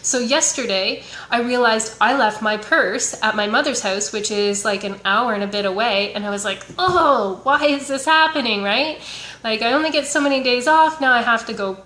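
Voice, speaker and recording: A woman's voice: on the high side, normal speed, sharp tone. A woman spiritual wellness coach giving a casual motivational talk, earnest and chatty, often restarting her sentences. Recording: echoey room.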